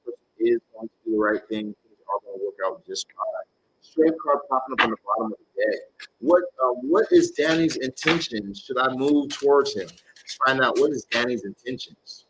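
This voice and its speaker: A man's voice: mid-range voice, expressive, normal speed, a bit bright, a little hiss or hum, low-quality recording. A man giving live tarot readings to viewers, talking bluntly, animatedly and with casual swearing. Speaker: tarot reader.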